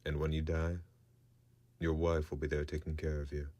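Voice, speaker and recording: A man's voice: extremely low pitch, monotone, normal speed, dark tone. A man voicing an earnest young woman who speaks insistently.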